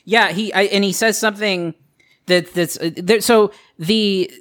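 A man's voice: high-pitched, steady tone, measured pace, fairly bright tone. A man co-hosting a podcast in casual chat, rambling and hesitant, circling his points before landing them. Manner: rambling, hesitant, many fillers and restarts, laughing along.

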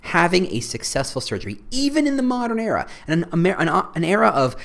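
A male podcast host delivering a solo monologue, his pitch leaping around in a very lively way. He rambles through his points with self-mocking asides. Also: quick pace, vocal fry.

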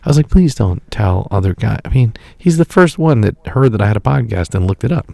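A man's voice: on the low side, lively intonation, brisk, vocal fry, dark tone, no echo. A man co-hosting a podcast, telling crude, joking stories in casual banter. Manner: crude, storytelling, laughs often. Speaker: podcast co-host.

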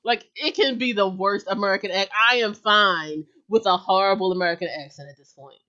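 A woman's voice: mid-range voice, a little fast, pushed and bright, muffled recording. A woman co-hosting a casual podcast chat, talkative and giggly, full of filler words. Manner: chatty, giggly, lots of "like" fillers. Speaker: podcast co-host.

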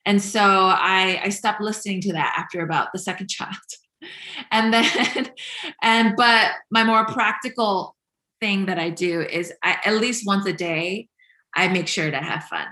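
A woman in her thirties speaks in a candid, chatty way, with plenty of fillers and small laughs. Her voice is bright and forward. The room around her rings with noticeable echo. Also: medium pitch, measured pace. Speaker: working mother sharing experience. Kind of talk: candid conversational talk.

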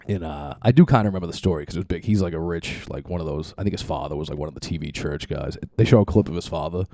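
A man's voice: low voice, quick pace, darkish tone, no room sound, studio quality. A man in his thirties hosting a casual podcast, rambling loosely with lots of profanity and laughter. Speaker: podcast host.

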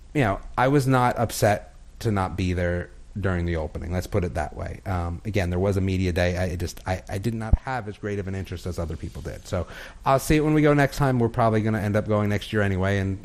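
A man's voice: low voice, fairly quick. A man on a casual podcast telling a story with lots of energy, acting out the voices of the people in it and laughing often.

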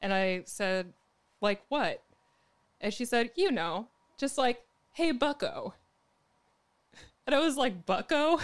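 Young woman podcast co-host, middle pitch, lively storyteller who acts out quotes. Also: measured pace. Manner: animated storytelling, acting out quoted lines with laughter. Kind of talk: casual chat.

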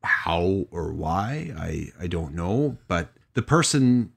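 A man's voice: sits low, sing-song, slow, creaky, slightly rough. A man hosting a podcast, telling a story in casual chat and hedging thoughtfully, with frequent restarts. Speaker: podcast host.

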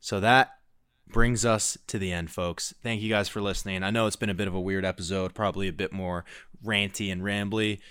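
A relaxed male podcast host with a fairly low voice, talking in a loose, rambling way as he quizzes his co-host. The sound is dry and close, with little room echo. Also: a little fast, clean tone. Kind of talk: casual podcast chat.

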